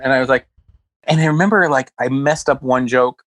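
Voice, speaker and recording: A man's voice: mid-range voice, a little fast, fairly bright tone, no echo, poor audio. A man who is a comedian, telling rambling stories in a casual podcast chat and acting out quotes. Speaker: comedian guest. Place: West Hollywood.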